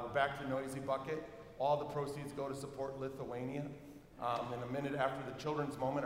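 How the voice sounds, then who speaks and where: A man reading church announcements in a casual, joking way, with fillers. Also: medium pitch. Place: large church sanctuary. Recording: echoey church hall, faint noise.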